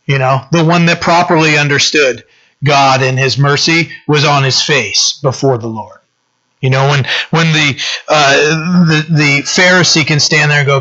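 A man's voice: a little high, steady tone, moderate pace, pushed and bright, highs cut off. A man preaching a conversational sermon as pastor, often asking "right?" and saying "you know". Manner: casual, peppers talk with "you know" and "right?".

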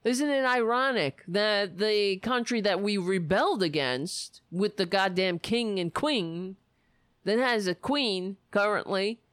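A woman's voice: mid-range voice, slow, a bit bright, no room sound. A woman delivering an angry, profane political rant full of sarcasm.

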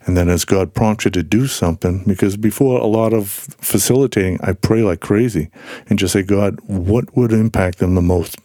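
A man with a low, warm voice tells stories in an easy conversational way. He brings the people in his stories to life by acting out their voices. The sound is close and dry, with no room echo. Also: normal speed. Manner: animated storyteller, acts out quoted voices. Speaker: podcast guest. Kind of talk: casual storytelling conversation.

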